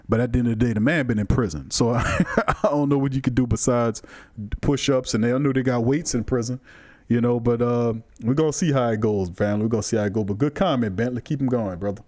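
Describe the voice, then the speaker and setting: Animated New man hosting sports talk. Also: mid-range voice, fairly quick, no echo, clean studio sound. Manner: animated, emphatic, colloquial, talks to the chat. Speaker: sports talk show host. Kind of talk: live-streamed sports call-in show, reading chat.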